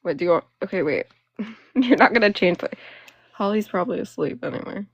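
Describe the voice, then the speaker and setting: A woman's voice: medium pitch, lively intonation, fairly quick, breathy edge, dry recording, highs cut off. A young woman hosting a phone livestream, chatting and ranting casually, full of fillers and laughing between phrases. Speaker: livestream host. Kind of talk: casual live-stream chat and rant.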